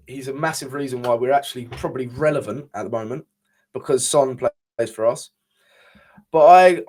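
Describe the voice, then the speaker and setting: A man's voice: medium pitch, a little mellow. A young man co-hosting a casual podcast chat, talking passionately and with frustration, swearing freely and often restarting his sentences. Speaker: podcast co-host.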